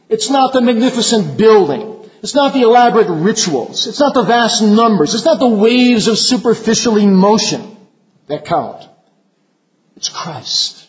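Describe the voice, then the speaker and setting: A man preaching a sermon to fellow ministers, earnest and measured, his voice sinking low at the end of phrases. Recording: dull lo-fi recording.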